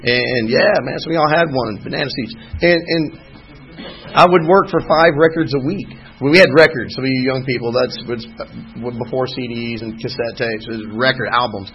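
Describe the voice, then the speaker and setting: A man's voice: medium pitch, normal speed, lo-fi sound. A middle-aged man, sharing his personal story from the podium of a recovery meeting with wry, folksy humor. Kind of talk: personal testimony talk. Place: meeting hall, speaking from a podium.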